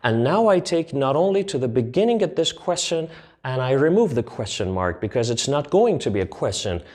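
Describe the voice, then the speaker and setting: Man teaching a grammar lesson, slow and deliberate. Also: mid-range voice, big pitch swings, darkish tone. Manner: slow, deliberate explanations with spoken example sentences. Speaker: English teacher.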